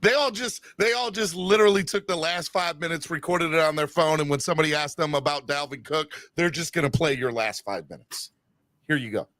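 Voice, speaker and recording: A man's voice: fairly high pitch, brisk, a bit bright. A man co-hosting a casual sports podcast, teasing and joking with his co-host. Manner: playful, teasing, jokey banter.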